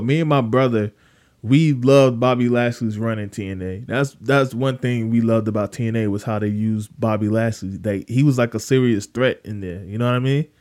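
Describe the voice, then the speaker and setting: Young guy on a wrestling podcast, casual, swears a lot, voice jumps way up when he's weirded out. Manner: animated storyteller, swears freely, rises high when incredulous. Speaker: podcast co-host.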